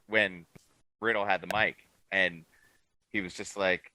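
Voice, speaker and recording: A man co-hosting a podcast in casual chat, telling his takes as an animated storyteller who swings his voice up and down. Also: deep voice, slow pace, long pauses, a little hiss or hum, rough recording. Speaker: podcast co-host.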